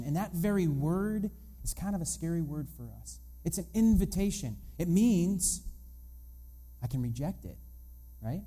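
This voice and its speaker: Mellow-voiced man preaching conversationally. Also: medium pitch. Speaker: pastor. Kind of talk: sermon.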